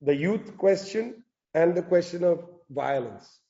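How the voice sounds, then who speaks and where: A man's voice: high-pitched, animated, a little slow, mellow, highs cut off. A man giving an impassioned political talk, emphatic with sarcastic asides. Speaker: speaker at a public talk. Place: in South Africa.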